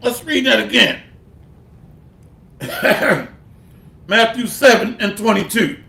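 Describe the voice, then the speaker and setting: A man's voice: high voice, animated, slow pace, creaky, pushed and bright, reverberant. A man giving a blunt, street-style sermon, reading scripture aloud and mixing it with slang and profanity. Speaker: bible teacher.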